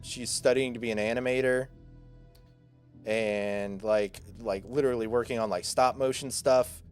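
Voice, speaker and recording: A man's voice: medium pitch, fairly even intonation, moderate pace, soft background music. A man in his twenties, a streamer, chatting casually with his viewers and rambling through a self-deprecating story full of fillers.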